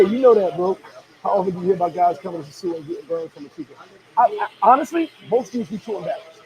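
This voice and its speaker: A male vlogger chats casually, reading viewer comments and telling stories in an animated, laughing, slangy manner. His voice is high and quick, and the audio is poor.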